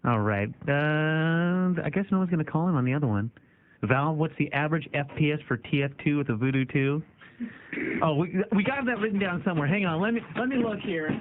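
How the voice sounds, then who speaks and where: A man's voice: fairly high pitch, fairly quick. A man hosting a call-in radio show, joking and teasing callers. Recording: tinny phone-line radio audio.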